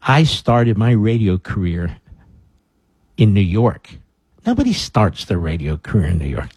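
A man's voice: lowish voice, big pitch swings, a little slow, a little mellow, slightly rough, no echo. A middle-aged man hosting a talk radio show, reading news stories aloud and breaking off into sarcastic, combative rants.

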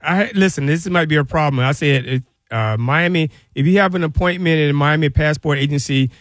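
A man's voice: on the high side, a little fast, no room sound. Blunt male radio co-host, dry mic. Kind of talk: casual studio banter.

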